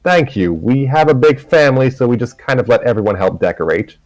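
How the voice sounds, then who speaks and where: A man's voice: mid-range voice, lively intonation, brisk, a little mellow, dry recording, faint music behind, voice pushed up, close to an everyday voice. A man voicing a kind, courteous male Dalmatian who is the older brother of a big family. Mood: polite.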